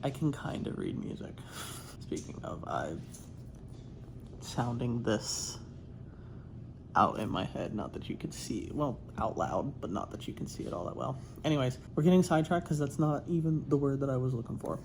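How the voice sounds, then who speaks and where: A woman with a low, gravelly voice chats away at home in a loose, rambling stream. She swears freely and keeps cutting herself off to restart a thought. A faint hum of room ambience sits under her. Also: lively intonation, moderate pace. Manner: chatty, swears often, trails off and restarts. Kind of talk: casual rambling chat.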